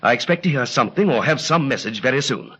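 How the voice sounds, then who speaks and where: An actor playing a plucky British special agent, in clipped, breezy 1940s radio-drama style. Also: male voice, mid-range voice, expressive, quick pace, sharp tone, breathy edge. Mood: brisk. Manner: clipped, breezy upper-class British banter. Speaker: lead character in radio drama. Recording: dull lo-fi vintage radio recording.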